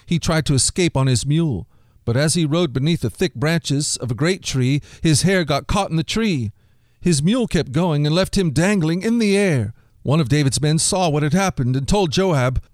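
A man hosting a daily Bible reading show for children, reading scripture and giving a short devotional, slowing down to stress key lines. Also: a little high, dry recording, clean studio sound. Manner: expressive storyteller, slows down for emphasis.

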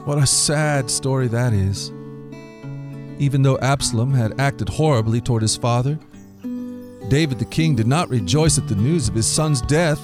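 A man hosting a daily Bible reading show for children, reading scripture and giving a short devotional, slowing down to stress key lines. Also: medium pitch, music in the background. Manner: expressive storyteller, slows down for emphasis.

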